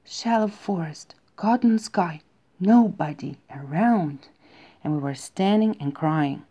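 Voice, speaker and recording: A woman's voice: on the low side, takes it slowly, dark tone. A woman voicing a lonely, tender young male hare who tells his dream in a wistful, dreamy way. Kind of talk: storybook reading.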